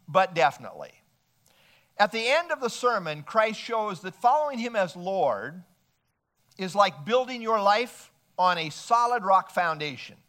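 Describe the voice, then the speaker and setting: A man preaching a measured expository sermon, working through scripture passages and citing verses as he goes. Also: high voice, bright, forceful tone. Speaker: pastor.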